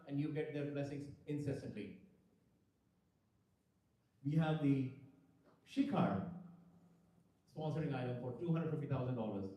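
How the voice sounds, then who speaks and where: A man addressing devotees at a temple ceremony, speaking with enthusiasm and rising to loud exclamations. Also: fairly high pitch, expressive, unhurried, long pauses. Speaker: ceremony announcer. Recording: very echoey, from far off the mic.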